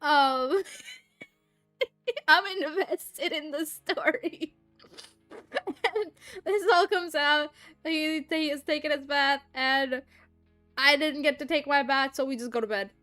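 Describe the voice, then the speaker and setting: A woman's voice: high-pitched, slow, long pauses, no room sound, soft background music. A young woman streamer chatting casually and telling a story with lots of laughter and some swearing. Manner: animated, laughing often, swearing freely. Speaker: streamer and voice actor. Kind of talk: casual chat recounting a story.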